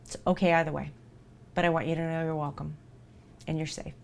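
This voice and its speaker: A woman's voice: low-pitched, little pitch movement, a little fast, vocal fry. A woman streamer talking live to her viewers in an earnest, reassuring way, repeating herself for emphasis.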